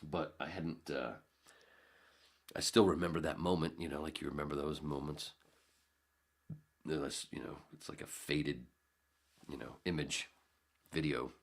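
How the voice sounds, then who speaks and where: Very deep, gravelly-voiced man telling stories. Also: fairly even intonation, a little slow, long pauses. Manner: rambling, swears freely, acts out scenes in jumpy voices. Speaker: podcast host. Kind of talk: casual storytelling.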